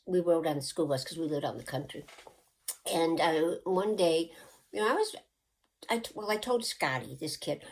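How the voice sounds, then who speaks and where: Low-voiced older woman telling stories. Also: low-quality recording. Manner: rambling and chatty, with many asides and restarts; drops to a soft, hushed, slow voice when acting out her hypnosis patter. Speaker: channel host telling childhood stories. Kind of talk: casual personal storytelling.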